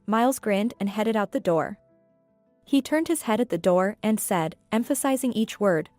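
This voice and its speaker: A woman reading scripted story narration in an even, steady way. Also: mid-range voice, normal speed, no echo. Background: faint background music.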